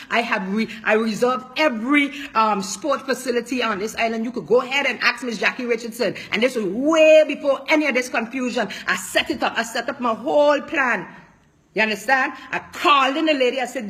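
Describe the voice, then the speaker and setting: A woman politician speaks out in an impassioned statement, repeating lines for emphasis and pressing each point hard. Her voice sits high and rings bright and forceful, and emotion pushes through her words. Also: brisk.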